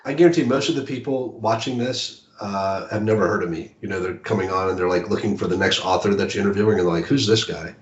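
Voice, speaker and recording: A man's voice: on the low side, fast talker, hardly any pauses, slight background noise. A man talking casually as an author guest in a rambling, self-deprecating way, laughing easily. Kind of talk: casual conversation. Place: home in a city apartment. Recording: roomy, dull video call audio.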